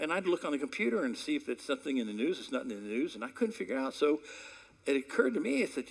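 A male pastor delivering a sermon with a somewhat high voice that rises and falls a lot. He talks in a conversational storytelling way, then jumps to loud peaks or drops to hushed asides. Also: big pitch swings, racing, gravelly.

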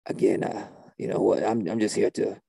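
A man playing a spaced-out, deadpan male shaman guitarist who drawls mystical non sequiturs in a gravelly, husky voice. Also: fairly low pitch, normal speed, no room sound, heavily acted.

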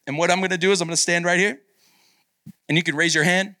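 Bright-voiced energetic pastor man. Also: high-pitched, fast, long pauses, dry recording. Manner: energetic, encouraging hype man. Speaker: guest pastor at a youth retreat. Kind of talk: sermon and leading audience sharing. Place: large meeting room with students. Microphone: handheld microphone.

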